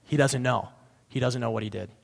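A pastor giving a casual sermon, reading scripture aloud and breaking off to explain it in a conversational way, sometimes correcting himself. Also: male voice, mid-range voice, brisk, vocal fry. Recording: long reverb in a hall.

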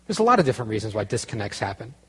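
A man preaching a conversational sermon, telling a story with restarts and growing quiet and earnest. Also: on the low side, big pitch swings, rapid-fire, breathy edge, in a large hall. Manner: conversational, self-interrupting, grows quiet and earnest. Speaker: pastor.

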